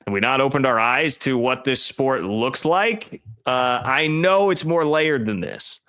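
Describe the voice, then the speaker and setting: A man's voice: medium pitch, measured pace, pushed and bright, clear, resonant tone. A man giving emphatic, opinionated college football commentary, talking directly to his chat viewers.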